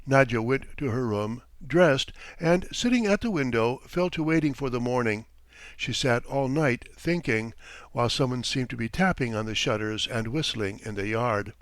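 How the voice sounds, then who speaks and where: Male narrator for a classic-fiction audiobook; measured, mid-range voice, dry close mic. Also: mid-range voice, no room sound. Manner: measured, even storytelling. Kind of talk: scripted narration.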